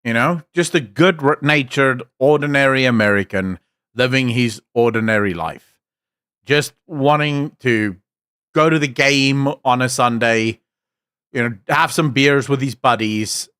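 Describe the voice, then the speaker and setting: A South African man streaming his reactions, chatty and excited, swearing and joking as he goes. His voice is close and dry, in a middle pitch. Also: a little slow, clean tone, dry recording. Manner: enthusiastic, joking, swears casually. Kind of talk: casual reaction commentary.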